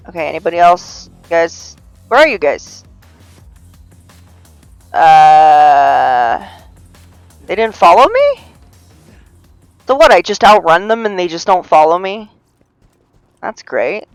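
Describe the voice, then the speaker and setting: A woman streaming a game live, talking through it in a rambling, self-mocking way and breaking into panicked yells. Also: fairly low pitch, no echo, rough recording. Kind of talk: live gameplay commentary.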